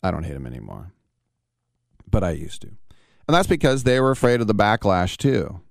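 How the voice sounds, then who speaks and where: Gravelly low-voiced male radio host. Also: big pitch swings, a little fast, dry recording, studio quality. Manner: rambling storyteller with fillers and asides. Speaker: radio sports talk host. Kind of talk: casual radio monologue.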